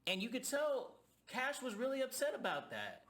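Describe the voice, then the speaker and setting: A man's voice: extremely high pitch, wildly swooping pitch, moderate pace, a bit bright. A young man giving a heated, profane rant reviewing a reality TV reunion. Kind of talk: ranting commentary.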